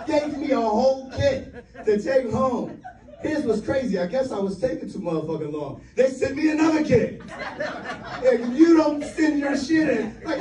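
High-voiced grandfather comic on a live stage. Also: animated, normal speed, far from the mic. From US East Coast. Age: 50s. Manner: loose, profane, laughing storytelling. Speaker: stand-up comedian. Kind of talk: stand-up comedy set. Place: live comedy club with audience. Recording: roomy live stage mic, crowd.

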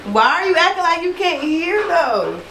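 A woman's voice: very high-pitched, sing-song, normal speed, reverberant, noisy background. A young woman filming a casual prank vlog, pestering someone with the same questions again and again. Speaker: vlogger.

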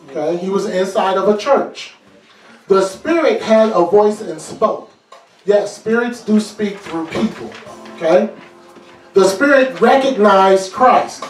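A man preaching a deliverance sermon in a church hall, lively and preachy, breaking into jokes with laughter. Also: sits high. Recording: echoey room, mic far off, faint music.

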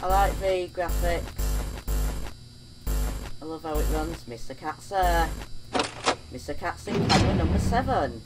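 Woman gaming host, excitable, talks to herself, low-ish pitch. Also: measured pace, pauses often, over loud music, low-quality recording. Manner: jumpy, excitable, talking to herself. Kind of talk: horror game let's play commentary.

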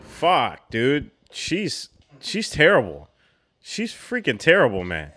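A man's voice: medium pitch, wildly swooping pitch, slow, sharp tone, a little hiss or hum. A man hosting a reaction video, exclaiming and chatting in casual slang about what he watches.

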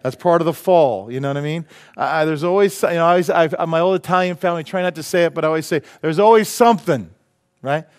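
A male pastor preaches a sermon in a church, with a voice a little higher than most men's. He keeps things loose and cracks jokes, laughing at them before he lands the punchline. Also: quick pace, few pauses, clear, resonant tone. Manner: joking, laughs at his own jokes. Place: church sanctuary.

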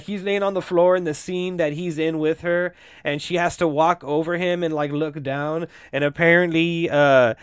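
A young male podcast host riffing on film news, profane and rambling, breaking into laughs. His voice sits a touch high. The recording is close and dry. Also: clear, resonant tone, dry recording. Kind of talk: casual entertainment-news commentary.

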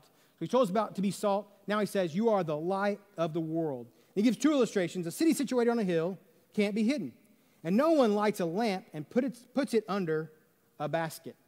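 A man preaching a sermon in a church sanctuary, talking conversationally and asking the congregation rhetorical questions. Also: sits high. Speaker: pastor. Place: church sanctuary under stage lights. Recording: long hall reverb.

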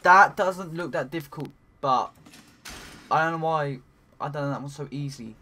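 A man giving let's play commentary while he plays, talking to himself, swearing often and breaking into excited cries. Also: fairly high pitch, moderate pace, slight background noise. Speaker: gaming commentator.

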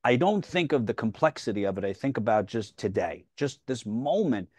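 A man's voice: mid-range voice, big pitch swings, moderate pace, darkish tone, breathy edge, no room sound. A man hosting a faith podcast, affirming and relatable, with a touch of self-deprecating humor. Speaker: podcast host. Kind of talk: conversational interview.

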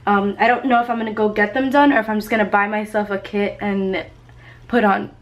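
A woman's voice: mid-range voice, flat delivery, a little fast. Chatty young woman vlogging. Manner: chatty, rambling with many ums and likes. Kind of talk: casual chat.

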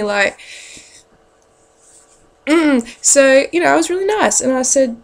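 A woman's voice: high-pitched, moderate pace, long pauses. A woman telling a rambling, profane story to camera in a blunt, casual way. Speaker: parent.

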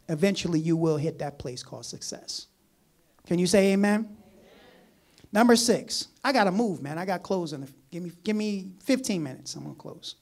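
A preacher giving a sermon, reading scripture aloud and commenting on it, who talks emphatically and repeats key phrases, swinging between loud, urgent lines and quiet asides. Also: medium pitch.

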